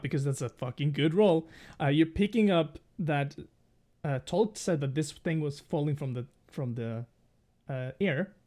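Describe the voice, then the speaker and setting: Man with a higher voice running a tabletop game. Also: darkish tone. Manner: halting, many restarts and fillers. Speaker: game master.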